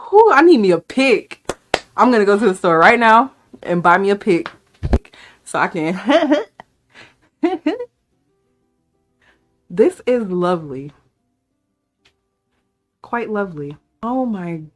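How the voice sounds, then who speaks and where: A woman vlogger talking casually to camera in a playful, excitable way, hyping herself up. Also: mid-range voice, takes it slowly, pauses often, faint music behind. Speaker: beauty vlogger.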